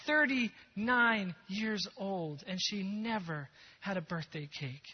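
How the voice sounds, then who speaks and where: High-voiced animated male preacher. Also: slow pace, breathy edge. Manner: animated storytelling, swings loud to hushed. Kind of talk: sermon storytelling. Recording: long hall echo, dull sound.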